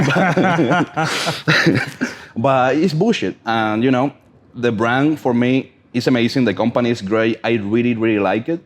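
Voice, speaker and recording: A man's voice: medium pitch, unhurried. A man speaking English with a non-native accent, chatting bluntly as a podcast guest with plenty of swearing. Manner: blunt, profane, emphatic storytelling. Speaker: podcast guest, brand ambassador. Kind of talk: casual podcast chat.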